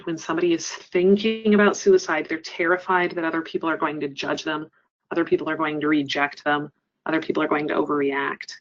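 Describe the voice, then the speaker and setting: A woman trainer giving a webinar presentation, explaining earnestly and often pausing with "um". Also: deep voice, muffled recording. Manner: earnest, explanatory, frequent ums. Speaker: crisis center trainer.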